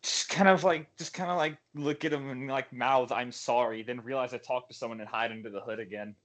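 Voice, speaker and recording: A man's voice: medium pitch, steady tone, brisk, fairly bright tone. Casual man playing a tabletop game. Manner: casual, hesitant, full of "like". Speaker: player.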